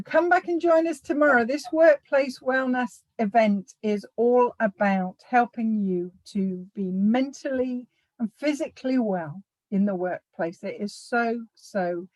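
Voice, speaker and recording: A woman's voice: medium pitch, a little mellow, dry recording, rough recording. A woman hosting a live online workshop over a video call, upbeat and promotional, with some playful teasing. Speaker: workshop host.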